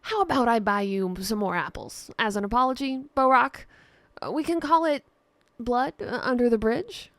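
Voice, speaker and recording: Brief: a chatty, teasing male jester, lively and a bit higher, played by a woman. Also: moderate pace, no room sound, studio quality. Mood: cheery. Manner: playful, rambling banter. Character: joking male jester and priest, theatrical.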